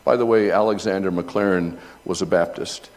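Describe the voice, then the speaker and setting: Lower-voiced middle-aged male pastor preaching. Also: fairly even intonation, a little fast, in a large hall. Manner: builds to loud, high-pitched emphasis when retelling scenes; reads aloud from an old essay between remarks. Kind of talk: sermon.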